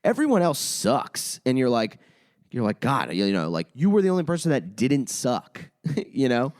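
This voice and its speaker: A young man and comedian chatting casually as a podcast guest, telling an animated story and swearing a lot. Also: mid-range voice, moderate pace. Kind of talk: casual chat.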